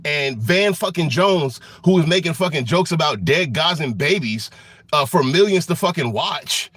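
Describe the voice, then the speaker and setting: A man's voice: fairly high pitch, lively intonation, moderate pace, fairly bright tone, no echo, clean studio sound. A man giving an angry political rant, swearing often and restarting his sentences with many fillers. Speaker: political commentator.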